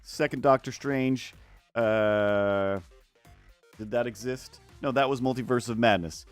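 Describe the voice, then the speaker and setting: With soft music in the background, an art streamer talks casually while drawing, rambling with lots of restarts and frequent silly voices. His mid-range voice is slow, clear, and resonant.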